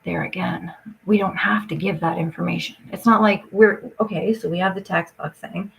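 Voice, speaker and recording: A woman's voice: lowish voice, fairly even intonation, moderate pace, creaky, slight background noise, poor audio. A woman talking straight to her audience in an agitated, rambling rant, swearing often and jumping from point to point.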